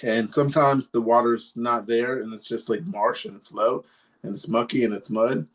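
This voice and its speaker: Man, podcast co-host, casual storytelling, rambling, lots of ums, mid-pitched voice. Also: moderate pace. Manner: rambling, many fillers, animated retelling.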